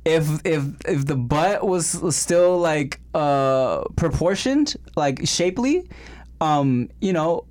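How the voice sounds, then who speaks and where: A man's voice: a little high, expressive, slow pace, a little mellow. A man co-hosting a comedy podcast, chatting crudely and casually with lots of fillers and laughs. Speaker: podcast co-host.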